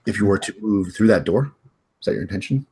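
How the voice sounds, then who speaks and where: A man running a tabletop game as game master, describing rooms in a halting way with many fillers. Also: on the low side, lively intonation, darkish tone, slightly rough.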